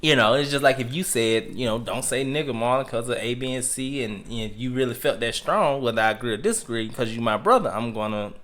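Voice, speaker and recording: A man co-hosting a podcast tells a story in a loose, profane, rambling way, often breaking into laughter. His voice sits at an ordinary middle pitch. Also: fast talker, hardly any pauses, fairly bright tone. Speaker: podcast co-host. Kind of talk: casual storytelling chat.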